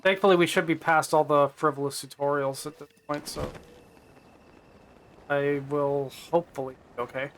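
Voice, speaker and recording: A man's voice: on the high side, level tone, normal speed, fairly bright tone, slight background noise. A man chatting casually while streaming a video game, rambling and correcting himself as he plays. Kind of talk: casual live-stream commentary.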